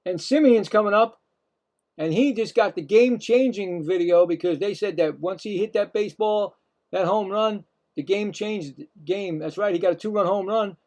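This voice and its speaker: Excitable high-voiced play-by-play man. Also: normal speed. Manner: excitable, rants at calls and chats to viewers. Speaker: play-by-play host of a streamed game. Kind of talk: live play-by-play commentary.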